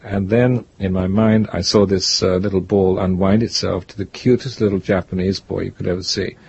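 An older man, a guest author, telling stories in an interview in a rambling, reflective way with a gravelly, husky voice. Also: sits low, fairly even intonation, moderate pace, darkish tone, highs cut off. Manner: rambling, reflective, restarts often. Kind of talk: interview, storytelling.

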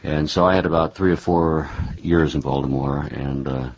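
A man interviewing a guest in a relaxed conversation, hesitant with many fillers and a wry humor. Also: extremely low pitch, normal speed, a little hiss or hum. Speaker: interviewer and author. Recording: dull lo-fi recording.

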